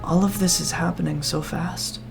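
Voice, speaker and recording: A game master voicing a short, gentle and cautious young woman who speaks softly and reassuringly, in a tabletop role-play. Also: lowish voice, steady tone, normal speed, gravelly, over music. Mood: worried.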